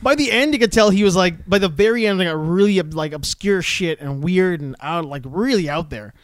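A man's voice: high-pitched, brisk, no echo, clean studio sound. A man in casual podcast chat, joking and laughing often, swearing freely.

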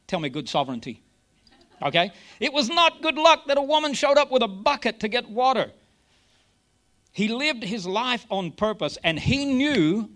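A man preaching a sermon in an auditorium, reading scripture and telling stories with quick humorous asides. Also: fairly high pitch, fairly bright tone. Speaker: pastor.

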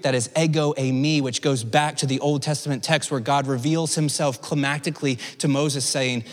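Male pastor, sermon, fairly high voice, expressive with soft low drops, long hall reverb. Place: church service.

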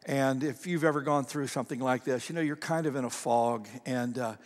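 A man preaching a sermon as a pastor, animated, moving between loud emphasis and soft storytelling. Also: medium pitch, a little fast. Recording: long hall reverb.

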